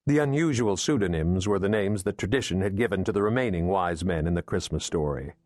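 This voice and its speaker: Male audiobook narrator, low voice, dry close sound, steady thriller reading. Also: dry recording. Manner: measured, steady storytelling.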